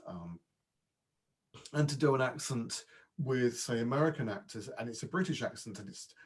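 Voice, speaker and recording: A man who works as a voice and dialect coach, talking casually as a podcast guest and stumbling over quick restarts. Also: mid-range voice, breathy edge. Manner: chatty, with frequent false starts and repeats. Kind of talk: casual interview chat.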